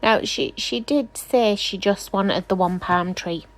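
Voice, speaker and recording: A woman's voice: mid-range voice, a little slow. A woman nail technician doing a casual, rambling tutorial voice-over, chatty and self-deprecating, often apologizing.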